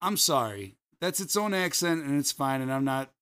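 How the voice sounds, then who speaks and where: A man's voice: a little high, expressive, moderate pace, a bit bright, smooth. A man with a Chicago accent co-hosting a podcast, telling rambling stories full of fillers and restarts. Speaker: podcast co-host. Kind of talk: casual chat.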